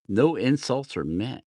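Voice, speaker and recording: A man's voice: fairly low pitch, a little mellow, dry recording, studio quality. Rambling man chatting while woodcarving. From New Jersey, USA. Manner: rambling, self-deprecating, laughs often. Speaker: woodcarving livestream host. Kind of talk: casual chat while carving.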